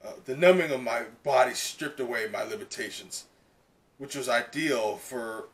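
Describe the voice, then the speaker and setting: A man reading a young male hero's inner monologue in a plain, low-key way. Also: normal speed, a bit bright, distant mic, natural voice. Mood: earnest.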